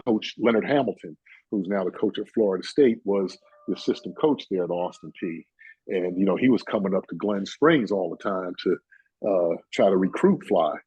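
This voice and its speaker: A man's voice: low-pitched, normal speed, a little mellow, husky, no room sound, highs cut off. A man in his sixties from New York, a guest telling rambling stories full of "you know" and "uh". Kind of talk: casual storytelling chat.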